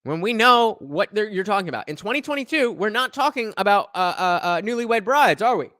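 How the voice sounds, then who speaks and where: Animated man reacting, bright voice. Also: high-pitched, brisk, no echo, studio quality. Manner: animated and incredulous, frequent fillers. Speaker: podcast host reacting to clips. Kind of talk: casual reaction commentary.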